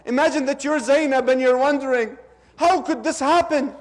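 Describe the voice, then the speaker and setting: A man delivering a mourning sermon, telling a story slowly and urging the audience to repeat lines after him. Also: very high voice. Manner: slow, drawn-out, urges the audience to repeat lines. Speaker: speaker at a religious gathering. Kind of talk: mourning sermon with call-and-response.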